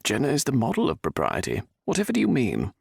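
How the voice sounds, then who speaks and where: A man's voice: on the low side, huge pitch swings, fast, gravelly, darkish tone, husky, no echo, clean studio sound, pitched above the performer's own voice, full character voice. A man voicing a fussy young nobleman with a whiny way of talking. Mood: earnest.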